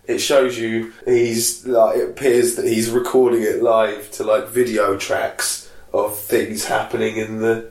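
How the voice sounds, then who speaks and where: A man's voice: fairly low pitch, level tone, measured pace. A man co-hosting a casual podcast, rambling and jokey as he talks about chart songs. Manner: rambling and jokey, with fillers and restarts. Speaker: podcast co-host. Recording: roomy echo.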